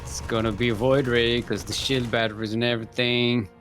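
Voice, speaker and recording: A man casting a live video game match who laughs often and talks in an animated way. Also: medium pitch, moderate pace, soft background music. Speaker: esports caster. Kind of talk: casual live game commentary.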